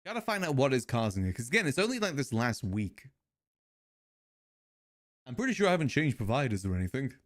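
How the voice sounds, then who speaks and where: A man chatting casually on a live stream, tossing joking asides to his viewers. His pitch moves in a lively, animated way. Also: a little fast, long pauses.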